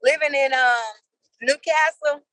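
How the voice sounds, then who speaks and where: A woman with a high voice chats casually as an interview guest. She tells animated stories and laughs easily as she goes. Her voice is recorded close and dry, with no room echo. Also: a little slow.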